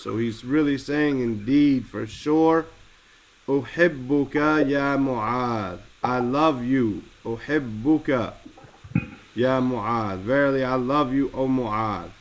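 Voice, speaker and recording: A man leads a lesson on a religious text. He explains it word by word and slows down to stress each key term. His voice sits at an ordinary middle pitch. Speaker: teacher.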